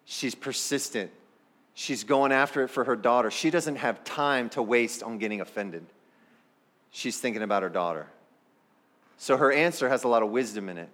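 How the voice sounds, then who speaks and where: A man's voice: medium pitch, fairly bright tone. A man preaching a sermon as pastor, talking straight to the congregation in a conversational way. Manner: acts out the people in the story.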